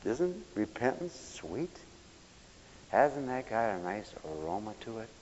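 A male preacher giving a sermon for radio, animated and swinging from loud exclamations to hushed tones. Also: fairly low pitch, measured pace, slight background noise. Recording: dull, echoey church recording.

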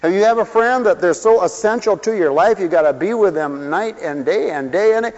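Man preaching, theatrical storytelling, very high lively voice, long hall echo, dull sound. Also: brisk. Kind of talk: humorous sermon.

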